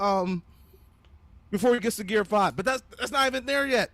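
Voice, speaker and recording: A young man telling a story in casual, profane slang, animated and loose. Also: sits high, moderate pace, creaky, no echo. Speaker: podcast panelist.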